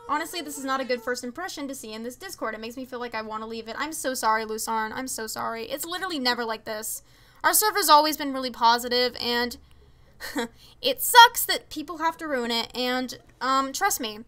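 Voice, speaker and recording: A woman's voice: sits high, expressive, a little fast, fairly bright tone. A young woman streaming a game, chatting casually with viewers, reading chat aloud and making exasperated asides. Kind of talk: casual live-stream chat while gaming.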